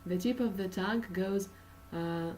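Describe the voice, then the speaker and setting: A woman's voice: mid-range voice, measured pace, darkish tone, recorded from a distance, a little hiss or hum, rough recording. A woman from Russia with a Russian accent, teaching an English pronunciation lesson with many uh and um fillers and patient explanations.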